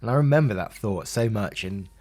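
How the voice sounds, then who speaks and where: A man's voice: lowish voice, lively intonation, a little fast, a little mellow. A man with an English accent, a YouTube narrator telling a personal story in a candid, emotional, rambling way full of fillers.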